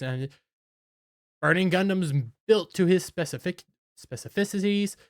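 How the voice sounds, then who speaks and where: A man's voice: on the high side, normal speed, clear, resonant tone, dry recording, clean studio sound. A man giving a casual, enthusiastic episode recap as an anime reviewer, often stumbling over his words.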